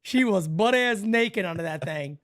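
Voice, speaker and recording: A middle-aged man hosts a casual sports podcast at a normal speed. He's an animated storyteller who laughs often and acts out squeaky voices.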